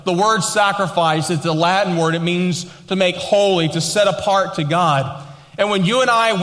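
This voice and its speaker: A man preaching a sermon, emphatic, slowing down and rising to stress his points, and dropping lower and quieter to read scripture aloud. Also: big-room sound. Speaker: pastor.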